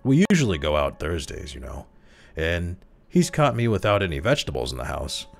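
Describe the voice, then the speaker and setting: A man reading a story aloud, voicing a young pregnant wife in a bright, rehearsed, sweet manner. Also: deep voice, sing-song, a little fast, creaky, soft background music, exaggerated voice.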